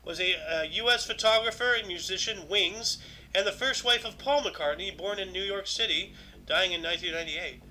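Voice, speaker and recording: Man, podcast host, high voice, reads history lists, dry asides, casual chat. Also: normal speed, pushed and bright, a little hiss or hum, poor audio.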